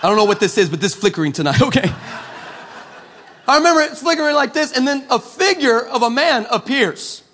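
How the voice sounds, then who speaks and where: A man from El Paso preaching a comic storytelling sermon, animated and sarcastic, with many stammered restarts. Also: extremely high pitch, a little fast, slight background noise. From El Paso, West Texas, USA. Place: church.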